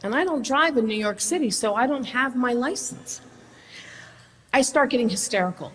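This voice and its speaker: A woman singer-songwriter telling a personal story in an excitable, animated way, with many stumbling restarts. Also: fairly high pitch, moderate pace, long reverb tail, rough recording.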